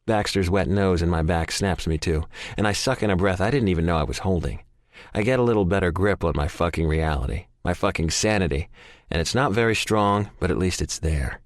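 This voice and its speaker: A man's voice: sits low, a little fast, dry recording, studio quality. A man narrating a first-person audiobook in an intense, emotional way. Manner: intense, emotional, frequent swearing.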